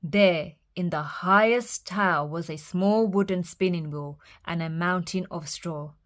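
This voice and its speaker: A woman storyteller reading children's fairytales aloud in a lively, expressive way. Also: fairly low pitch, a little slow.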